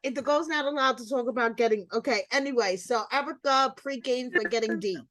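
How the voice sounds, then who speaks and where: Playful, blunt middle-aged woman host with a high voice, for casual gossip talk. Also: a little fast, a bit bright, dry recording, rough recording.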